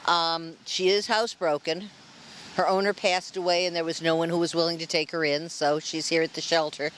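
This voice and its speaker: A woman's voice: on the low side, little pitch movement, a little fast, a bit bright, a little hiss or hum. A woman hosting an animal show, introducing shelter dogs for adoption with heaps of praise and chatty asides to the dogs and crew.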